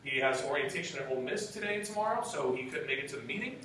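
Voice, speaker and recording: A man's voice: expressive, rapid-fire. Enthusiastic young man in an echoey room. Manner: enthusiastic, high-energy storytelling. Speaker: sales trainer. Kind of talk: motivational talk to a room. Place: meeting room. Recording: echoey room from far off, faint noise.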